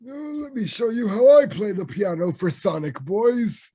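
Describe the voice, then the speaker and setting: A man's voice: sits high, animated, moderate pace, dark tone, breathy edge, voice pushed up. A man putting on the voice of a doddering old grandpa who plays piano. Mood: doting.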